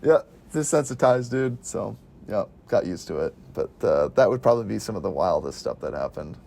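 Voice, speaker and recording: As an interview guest, a man casually recounts his missionary days, chatting, laughing often, and acting out the voices of the people he quotes. His lowish voice is expressive, creaky, and mellow, at a moderate pace.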